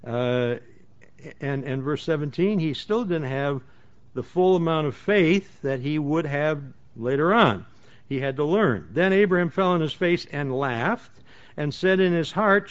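A man's voice: a little high, lively intonation, normal speed. A man leading a Bible study, reading verses aloud and then explaining them in plain words, with frequent restarts. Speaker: Bible teacher. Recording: dull lo-fi recording.

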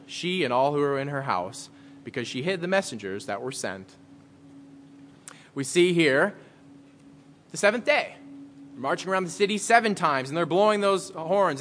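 A pastor giving a conversational sermon, reading scripture aloud and then explaining it in plain words. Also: male voice, fairly high pitch, a bit bright, slight background noise.

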